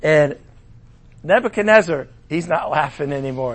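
Man, middle-aged, preacher, sermon, high voice, animated, acts out voices. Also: normal speed.

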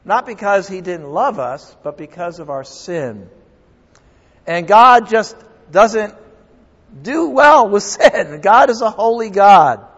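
A man's voice: high-pitched, big pitch swings, slow, fairly bright tone, slightly rough, big-room sound, lo-fi sound. A middle-aged man, a pastor, preaching a sermon in an earnest, conversational way with emphatic repetition.

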